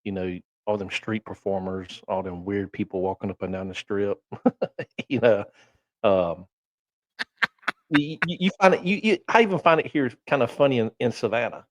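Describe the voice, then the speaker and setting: A man with a Southern drawl, a podcast guest, telling folksy anecdotes in relaxed, casual chat. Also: lowish voice, normal speed, no room sound.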